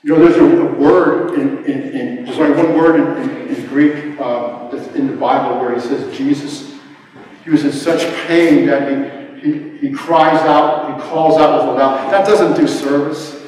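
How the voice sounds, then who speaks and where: A middle-aged man preaching a sermon, swinging from hushed tones to shouting. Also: fairly high pitch, fairly even intonation, unhurried. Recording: roomy hall, mic far off.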